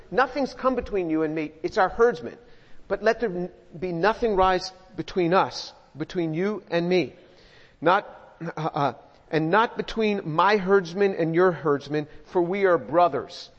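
Man preaching in an echoey hall. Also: a little high. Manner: expressive preaching, slows down for emphasis. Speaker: pastor. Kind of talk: sermon. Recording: dull sound with long hall reverb.

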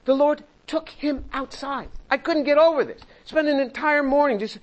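An older man with a high voice leads a Bible study, talking through the verses in a conversational way. He acts out the voices he quotes and slips in small chuckles. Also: normal speed, few pauses, dull audio. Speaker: Bible teacher and chemist.

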